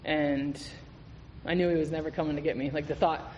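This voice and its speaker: A man's voice: fairly high pitch, fairly even intonation, fairly quick, a little mellow, lo-fi sound. A man giving a candid, profane recovery testimony as a guest speaker at a meeting, telling his story with laughs. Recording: reverberant hall with faint noise.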